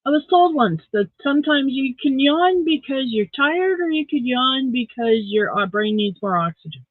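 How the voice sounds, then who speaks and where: Over thin, phone-like audio with no room sound, a woman with a high, expressive voice talks at a moderate pace. She's a livestream host, worn out and yawning, chatting loosely with her viewers and making self-deprecating jokes.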